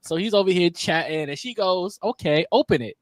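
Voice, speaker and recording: A man's voice: sits high, expressive, brisk, dry recording, clean studio sound. A young man co-hosting a podcast, laid-back and laughing as he tells stories. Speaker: podcast co-host. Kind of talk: casual chat.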